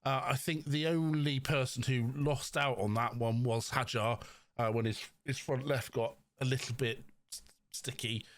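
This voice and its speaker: A man with a Cornish accent co-hosting a podcast, chatting through a race weekend with fillers and quick explanations. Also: mid-range voice, steady tone, dry recording, clean studio sound. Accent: Cornish English. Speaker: podcast co-host. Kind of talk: casual race recap chat.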